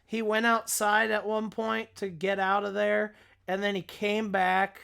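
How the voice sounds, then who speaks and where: A podcast co-host with a high-pitched, bright, smooth voice and vocal fry chats casually about horror films, his delivery flat yet forceful and unhurried. He restarts sentences often and uses lots of fillers.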